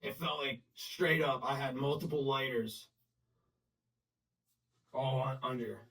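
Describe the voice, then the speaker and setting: A man telling his own story in blunt, profane, halting talk full of restarts and fillers. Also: medium pitch, steady tone, bright, forceful tone, recorded from a distance, low-quality recording. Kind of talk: unscripted personal storytelling.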